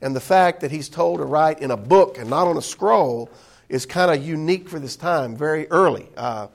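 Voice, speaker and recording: A man's voice: a little high, normal speed, gravelly. A man teaching a Bible study class in an indoor room, talking conversationally with many fillers and restarts.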